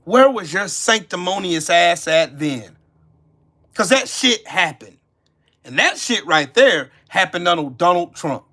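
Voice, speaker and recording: Male channel host, heated accusatory rant, repetitive and profane, tense bright edge. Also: high-pitched, lively intonation, a little slow. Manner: heated, cursing, accusatory, repeating lines. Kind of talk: angry profane rant to camera.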